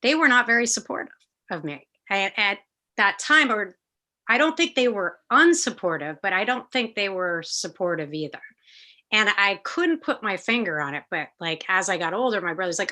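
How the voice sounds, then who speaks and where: A middle-aged woman speaking as an interview guest over a video call. She tells stories in a lively, casual way, acts out the other people in them and swears freely. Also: mid-range voice, moderate pace. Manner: animated, acts out quoted voices, swears casually. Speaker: guest musician.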